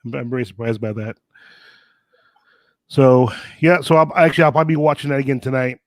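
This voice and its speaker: A man co-hosting a podcast in relaxed casual chat, hesitating with fillers. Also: medium pitch, a little fast, no echo. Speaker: podcast co-host.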